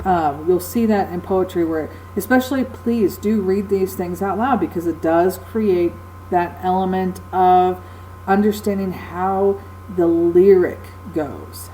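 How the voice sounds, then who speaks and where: Woman teacher doing a recorded lecture, lowish mellow voice, lots of ums, faint hum behind. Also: takes it slowly, low-quality recording. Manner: explains patiently with frequent fillers.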